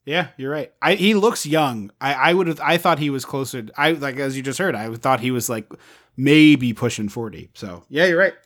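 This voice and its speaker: A man co-hosting a casual podcast chat, animated, often restarting and laughing between thoughts. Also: mid-range voice, normal speed. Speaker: podcast co-host.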